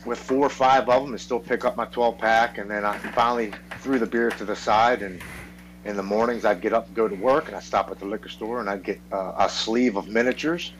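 A man's voice: lowish voice, a little fast, a little hiss or hum, rough recording. A man in his forties, a podcast guest, earnestly telling his recovery story in a blunt, swearing, casual way.

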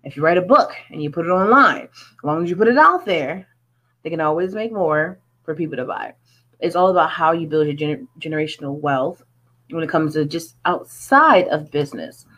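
A woman's voice: deep voice, brisk, a bit bright. A woman who is a music artist, talking in an earnest, chatty way with many fillers in a casual interview.

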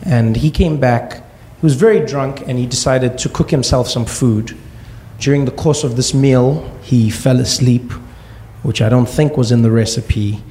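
A man in his thirties from South Africa, telling a stand-up comedy story and acting out quoted voices in sudden high-pitched bursts. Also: measured pace, dark tone, a little hiss or hum.

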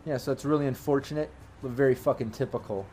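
A man's voice: mid-range voice, fast, mellow, slight background noise, lightly acted. A man voicing a young, blunt cyborg corporate executive in a tabletop game, talking casually and swearing.

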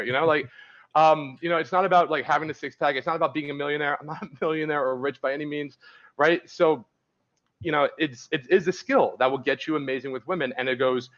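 A man's voice: mid-range voice, brisk, a bit bright, lo-fi sound. A man, a dating coach, talking candidly as a podcast guest and rambling through stories with many restarts. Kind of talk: casual podcast interview.

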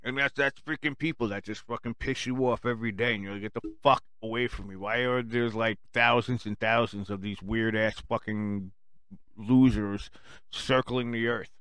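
A man hosting his own radio show, delivering an angry, sarcastic rant full of cursing, swinging between low muttering and loud outbursts. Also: steady tone, normal speed, clean tone, no room sound. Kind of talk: profane rant.

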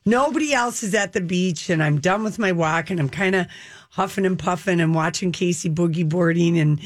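A middle-aged woman telling a lively story in casual chat, her pitch leaping up for emphasis. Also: normal speed, no echo. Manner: animated storyteller, exaggerated pitch jumps.

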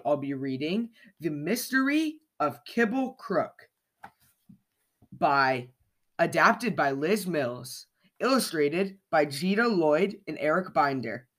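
Slow, expressive children's story reader. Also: medium pitch. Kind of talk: storybook read-aloud for kids.

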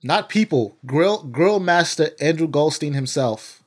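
Man, slightly higher voice, co-host, argues his point insistently. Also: animated, measured pace. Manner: argumentative, makes his case insistently. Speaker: podcast co-host. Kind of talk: casual chat.

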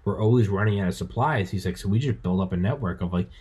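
A man's voice: on the low side, quick pace, darkish tone, slightly rough. A man hosting a podcast in casual chat, rambling through stories, swearing and acting out quotes in a raised voice. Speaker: podcast host.

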